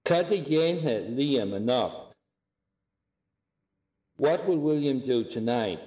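A man teaching a language lesson, saying each phrase slowly and clearly and repeating it for learners to copy. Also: medium pitch, expressive, dark tone, reverberant.

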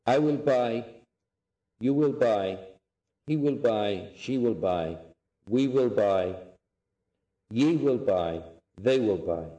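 A man teaching a language lesson, saying each phrase slowly and clearly and repeating it for learners to copy. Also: mid-range voice, animated, dark tone, echoey room.

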